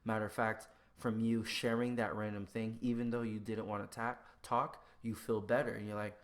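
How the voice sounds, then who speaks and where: A man in casual conversation who acts out both sides of everyday exchanges with lively shifts in his voice. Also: lowish voice, moderate pace, few pauses. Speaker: podcast guest. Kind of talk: casual chat.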